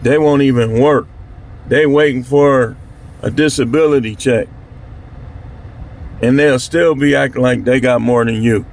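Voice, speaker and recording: Here the Milwaukee host talks to his viewers with a steady tone and a measured pace, his medium-pitched voice showing vocal fry. He pauses often, though the monologue stays blunt, slangy, and fired up.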